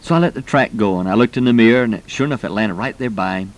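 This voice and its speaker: A man from Florida preaching, telling a personal story in a folksy, animated way about using gospel tracts. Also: quick pace. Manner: folksy, animated storyteller who acts out quoted voices with rising pitch. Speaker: preacher teaching personal evangelism. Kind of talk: storytelling sermon.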